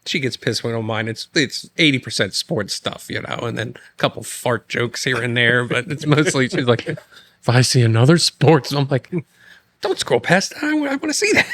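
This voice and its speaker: A man's voice: mid-range voice, moderate pace, a bit bright, dry recording. A man hosting a podcast in a studio, chatting casually and laughing often. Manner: laughs often, jokes about friends. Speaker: podcast host. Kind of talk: casual chat. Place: studio with mics and headsets.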